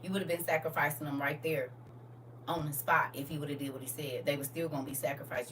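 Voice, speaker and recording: A woman's voice: deep voice, steady tone, fast talker. A middle-aged woman hosting a live stream, telling blunt stories in casual talk. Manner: blunt, storytelling, scolding. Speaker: TikTok live host. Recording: distant from mic with faint noise.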